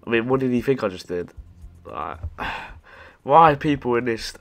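A young man riffs over his gameplay in a mocking, foul-mouthed running commentary. His voice sits at an ordinary middle pitch, and he talks casually straight to his viewers. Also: lively intonation, normal speed, vocal fry, fairly bright tone. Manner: sarcastic, sweary running commentary. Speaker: gaming YouTuber.

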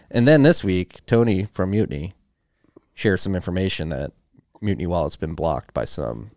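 A man's voice: low voice, lively intonation, a little fast, a little mellow, no echo, studio quality. A man hosting a podcast, reading news items in casual chat with a joking, teasing manner.

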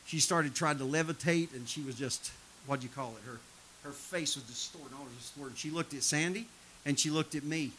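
A man preaching a live sermon in a church, telling stories in a folksy way, swinging from loud emphatic shouts to low, intense tones and laughing at his own stories. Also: a little fast, slight background noise. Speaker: traveling preacher. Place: church sanctuary.

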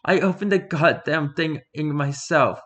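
A man reading the part of a defiant, grieving young woman in a spoken story, with sharp, tearful lines. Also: deep voice, unhurried. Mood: overjoyed.

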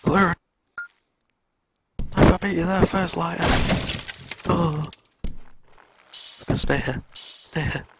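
A young man streaming a video game, reacting live with excitable exclamations and swearing at what happens on screen. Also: on the high side, extremely slow, long pauses, very noisy. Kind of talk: live gameplay commentary.

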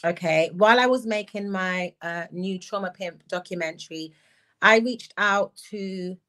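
A woman's voice: mid-range voice, measured pace, a bit bright. A woman hosting a live stream, reflecting at length and reading viewer comments aloud. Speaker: channel host.

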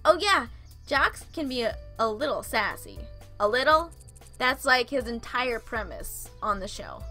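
Bright, high-pitched giggly woman reading a game. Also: big pitch swings, unhurried, faint music behind. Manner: giggly, playful asides, does silly voices. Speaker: let's play host reading a visual novel. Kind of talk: reading a dating game aloud with commentary.

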